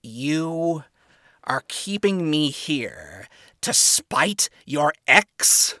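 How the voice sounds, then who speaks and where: A scornful radio demon, played by a male reader, whose bright voice leaps up and down with disdain. He sneers and questions in disbelief. The reading is dry and close. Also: on the high side, animated, measured pace, no room sound, exaggerated voice. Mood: incredulous. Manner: disdainful and incredulous. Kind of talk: fan fiction reading.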